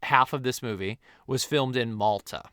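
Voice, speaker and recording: A man's voice: mid-range voice, moderate pace, smooth, no room sound, clean studio sound. A man co-hosting a casual movie podcast, sharing film trivia with lots of fillers. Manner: animated, shares film trivia with filler words. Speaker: podcast co-host.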